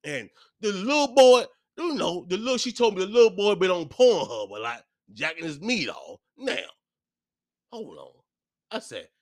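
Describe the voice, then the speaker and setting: A man in his thirties, a podcast host, delivering a profane comedic solo rant that swings between loud, heated outbursts and muttered asides. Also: high-pitched, very animated, moderate pace, no echo, studio quality.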